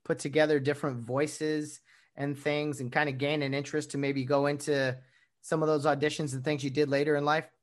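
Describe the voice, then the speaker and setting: A man's voice: a little high, flat delivery, brisk. A man hosting a casual interview, asking questions in an easygoing way and agreeing along. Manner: easygoing, laughs along, short agreeing replies.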